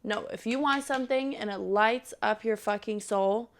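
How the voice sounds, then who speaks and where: On her solo podcast, a young host talks at a normal speed in a mid-range voice. What starts as casual, profane chat becomes a fired-up pep talk.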